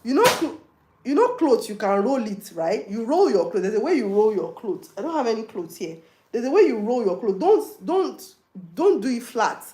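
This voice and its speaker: A woman's voice: a little high, sing-song, a little fast, mellow, echoey room. A Nigerian woman hosting a casual live question-and-answer stream, chatting directly with viewers and slipping in Yoruba and pidgin phrases. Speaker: livestream host.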